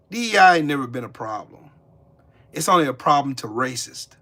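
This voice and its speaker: Heated guy ranting on his live stream, cussing out chat, kinda high sharp voice. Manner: profane, heated, talks back to chat. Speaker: livestream host. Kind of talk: angry live-stream rant.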